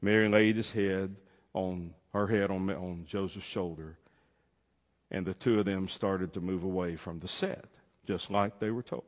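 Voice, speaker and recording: A man telling a heartfelt true story, expressive, swinging between loud and hushed. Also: deep voice, a little slow. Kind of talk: emotional storytelling. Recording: long hall reverb.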